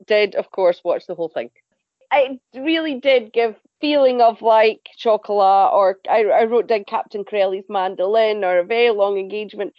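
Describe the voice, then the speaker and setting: A woman reviewing TV shows as a podcast panelist, chatty and animated, often stumbling and repeating words. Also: medium pitch, normal speed, no room sound, dull audio. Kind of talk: casual review chat.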